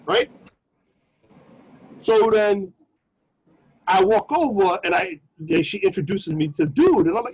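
A man co-hosting a podcast, telling a personal story in a casual, slangy, animated way. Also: high voice, measured pace, gravelly, long pauses, breathy edge, low-quality recording. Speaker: podcast co-host.

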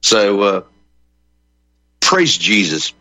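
A man's voice: on the low side, very animated, very slow, bright, forceful tone, dry recording, low-quality recording. A man who is a comedian guest on a radio talk show, joking in a rambling way with many fillers.

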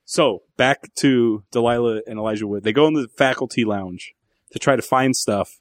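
A man's voice: medium pitch, normal speed, dry recording. A man in his thirties co-hosting a podcast, casually and profanely retelling movie scenes. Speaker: podcast co-host. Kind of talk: casual movie review chat.

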